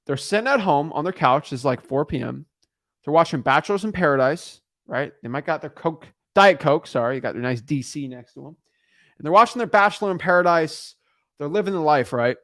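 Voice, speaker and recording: A man's voice: fairly high pitch, animated, fairly quick, a bit bright. A man in his twenties teaching real estate wholesaling on a livestream, talking in a hyped-up, rambling way and correcting himself often.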